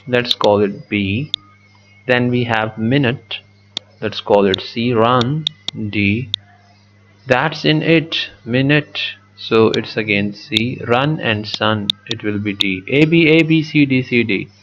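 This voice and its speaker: A man teaching a poetry lesson, slow and methodical, repeating words as he writes on the screen. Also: medium pitch, a bit bright, highs cut off, a little hiss or hum. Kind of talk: poetry lesson with a digital pen.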